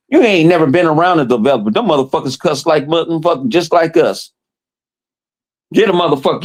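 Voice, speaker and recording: A man chats loosely on his podcast and tells stories full of cursing, and he often slips into other people's voices. His pitch jumps around a lot, and it sits a little above the usual for a man. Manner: animated, profane storytelling with quoted voices. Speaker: podcast host. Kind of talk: casual chat.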